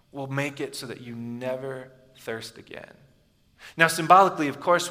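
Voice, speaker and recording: Guy giving a sermon, bright forceful voice, goes quiet a lot, long echo like a big hall. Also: mid-range voice. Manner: storytelling, often dropping soft and quiet for emphasis. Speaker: pastor. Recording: echoey hall with long reverb.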